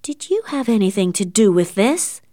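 A woman's voice: sing-song, unhurried, warm tone, no room sound, studio quality. A woman reading the part of an unhappy, proud young woman, earnest and strained. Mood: accusing. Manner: earnest and strained, higher than the narration. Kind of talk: audiobook character reading.

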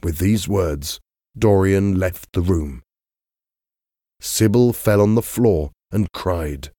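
A man narrating a story in a measured, expressive reading. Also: deep voice, no echo, studio quality.

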